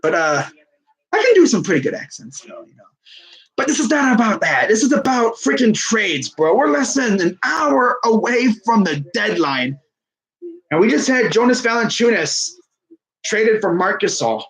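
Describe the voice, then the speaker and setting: A young man casually commenting on a live sports stream, excitable and rambling. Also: sits high, moderate pace, low-quality recording. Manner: excitable, rambling, laughs often.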